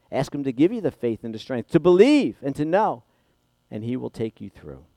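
Dynamic preacher, soft to booming. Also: male voice, no room sound. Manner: dynamic preaching, swings from hushed to loud. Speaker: pastor. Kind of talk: sermon.

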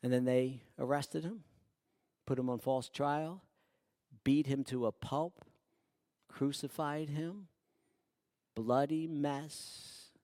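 A man preaching a sermon who swings from hushed, quiet passages to loud, emphatic ones. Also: on the high side, steady tone, slow pace, pauses often, no echo, clean studio sound. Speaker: pastor.

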